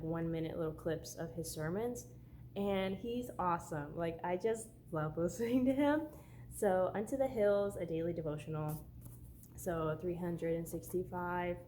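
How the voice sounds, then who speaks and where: A woman's voice: lowish voice, warm tone, slight background noise. Bubbly woman gushing over books. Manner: bubbly, gushing, says "like" often. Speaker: book vlogger. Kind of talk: casual book haul chat.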